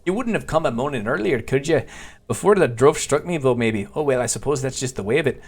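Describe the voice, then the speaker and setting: A man's voice: medium pitch, lively intonation, fast, breathy edge, voice pushed up. A man voicing a weary, defeated male brigand in a put-on Scottish accent, grumbling and resigned, for a video game.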